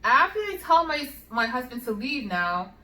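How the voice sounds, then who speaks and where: A young woman with a New York accent telling a personal story in a casual, animated way, full of fillers and acted-out dialogue. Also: fairly high pitch, normal speed. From United States. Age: young adult. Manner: animated, swears, filler-heavy, acts out dialogue. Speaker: vlogger. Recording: echoey room.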